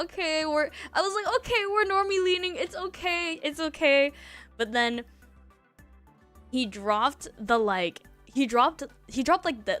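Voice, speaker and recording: A woman's voice: medium pitch, a bit bright. A young woman streamer telling a story in casual chat, rambling with lots of fillers and laughs between thoughts.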